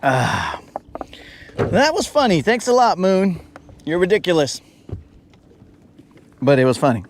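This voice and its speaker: A man streaming live from a boat out on a lake, his voice sitting a little higher than most. He jokes and teases his viewers with playful mock drama. A faint hum of boat and water noise runs under the open-air recording. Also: big pitch swings, measured pace, long pauses. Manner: joking, teasing chat viewers, mock-dramatic. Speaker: fishing livestream host. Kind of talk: casual live-stream chat.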